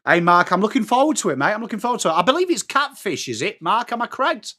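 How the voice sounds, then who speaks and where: Fast and high-pitched, his voice swings widely in pitch and sounds pushed and bright. The speaker is a middle-aged man from England with an English accent who hosts a live football watchalong, reading viewer messages, chatting to fans by name and calling the play.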